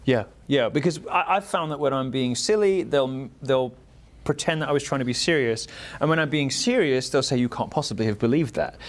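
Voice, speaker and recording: Articulate man interviewing. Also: medium pitch. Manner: articulate, measured, lightly wry. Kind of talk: studio interview conversation. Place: broadcast studio.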